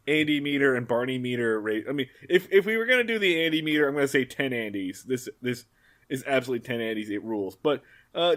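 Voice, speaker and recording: A man co-hosting a casual podcast chat, animated and quick to joke. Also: a little high. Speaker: podcast co-host.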